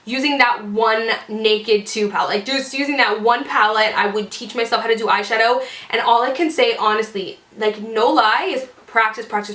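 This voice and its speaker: A woman's voice: fairly high pitch, a bit bright. A woman beauty YouTuber answering fan questions in a casual vlog, chatty and full of "like" fillers. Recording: roomy echoey room.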